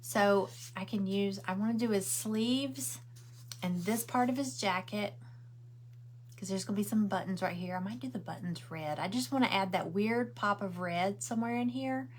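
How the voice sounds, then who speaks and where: A middle-aged woman chats casually on her craft livestream, responding to viewer comments and rambling as she crafts at home. She talks at a normal speed in a medium-pitched voice, with a little hiss or hum.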